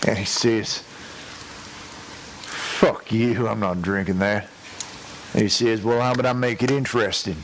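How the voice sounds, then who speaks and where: A man doing a slow, drawling redneck storyteller. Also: lowish voice, steady tone, slight background noise, low-quality recording. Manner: drawling, hesitant, full of uh and restarts; crude, chuckles at his own story. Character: rambling folksy redneck man, crude and long-winded. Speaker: prank caller telling a joke. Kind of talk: rambling prank-call joke telling.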